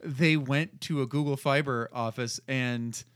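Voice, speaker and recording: A podcast co-host chats casually, rambling, groping for words, and often laughing at himself. His medium-pitched voice is clear, resonant, and a bit bright, with fairly even intonation and a measured pace, in studio-quality sound with no room sound.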